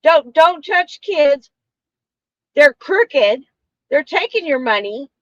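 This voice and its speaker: A woman's voice: high-pitched, very animated, slow pace, no room sound, muffled recording. A woman co-hosting a casual political chat, talking emphatically and repeating herself for stress. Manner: emphatic, insistent, repeats phrases. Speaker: co-host.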